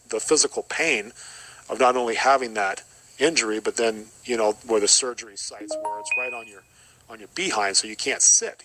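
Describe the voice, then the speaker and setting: Appearing as a guest on a podcast, a middle-aged man with a bright, forward voice that sits on the low side shares an earnest, reflective personal testimony. He often repeats short phrases, and the recording is rough.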